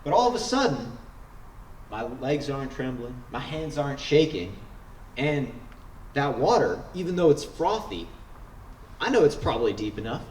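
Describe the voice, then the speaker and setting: A man's voice: medium pitch, very animated, normal speed, long pauses, a little mellow, a little hiss or hum. A man telling a wry, humorous personal story on stage at a story slam, building suspense as he goes. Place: stage in a large hall. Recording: echoey hall, picked up from a distance.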